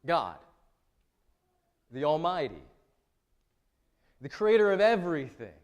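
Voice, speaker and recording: A man's voice: high voice, in a large hall. A man preaching a sermon as pastor in a church, talking to the congregation in a joking, conversational way. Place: church sanctuary.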